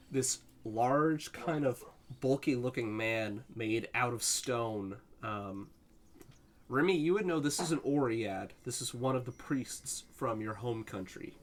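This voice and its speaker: A man's voice: medium pitch, slight background noise. A young man narrating a tabletop game as game master, laid-back and full of fillers and laughs. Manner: casual, laughing, filler-heavy.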